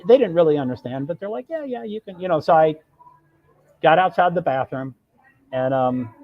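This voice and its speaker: Through narrow, tinny audio comes a man's slightly high, animated voice at a moderate pace. He's rambling through a long, casual story on his live stream, interrupting himself mid-sentence and acting out what other people said.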